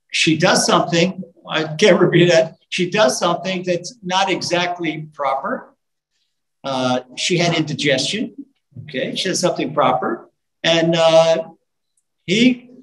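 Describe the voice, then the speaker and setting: Fervent male rabbi preaching in a roomy hall. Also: a little high. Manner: animated storytelling with sung lines and rising fervor. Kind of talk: storytelling sermon. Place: live talk in a room. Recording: roomy live hall recording.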